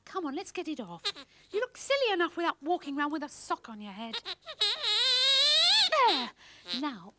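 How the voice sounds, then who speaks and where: A prim, squeaky panda puppet. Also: female voice, exaggerated voice. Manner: prissy, scolding, elocution-proud. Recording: hissy old VHS tape.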